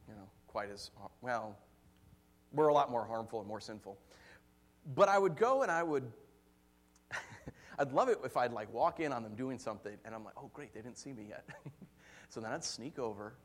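Man, pastor, sermon, animated storytelling, acts out voices, laughs a lot. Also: medium pitch.

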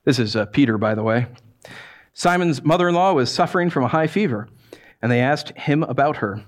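A man preaching a conversational sermon, animated and acting out voices as he tells the story. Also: medium pitch, a little fast. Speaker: pastor.

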